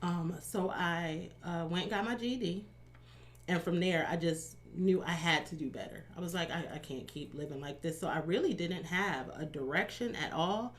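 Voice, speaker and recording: A candid woman in her thirties, guesting on a podcast as a life coach. Her voice sits somewhat low, and she tells her story openly, often breaking into laughter. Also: moderate pace. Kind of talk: candid personal interview.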